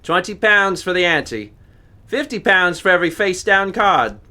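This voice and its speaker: A man voicing a cheerful, gossipy British gentleman in a plummy put-on British accent. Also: high voice, expressive, normal speed, voice pushed up, exaggerated voice. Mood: brisk. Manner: jolly, plummy, chatty.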